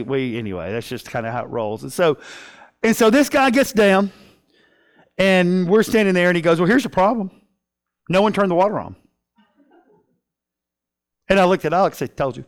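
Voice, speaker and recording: A middle-aged male pastor preaching a sermon in a conversational, storytelling way, often checking in with "right?". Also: high-pitched.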